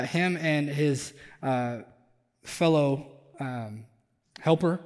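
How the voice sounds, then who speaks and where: A man's voice: a little high, long reverb tail. A man preaching a conversational sermon as pastor, building up intensity on his emphatic points. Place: church sanctuary.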